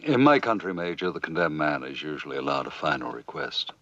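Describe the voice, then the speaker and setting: A man's voice: very deep voice, fairly quick, sharp tone, no room sound. An actor playing a suave, dry-witted male secret agent with a cool, polished delivery. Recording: dull, dry film audio.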